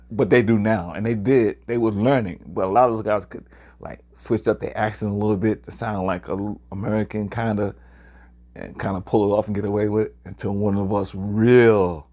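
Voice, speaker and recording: A man's voice: lowish voice, a little mellow. A man, casually talking to viewers about his travels, rambling and hesitant with many fillers. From New York, Harlem. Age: 60s. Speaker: traveler sharing experiences. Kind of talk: casual video talk to viewers.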